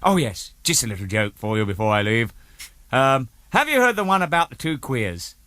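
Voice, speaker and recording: A man's voice: medium pitch, normal speed, no echo. A man telling rowdy anecdotes full of swearing and acted-out voices, played from an archive recording. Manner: animated, swearing, acts out voices. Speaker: storytelling guest.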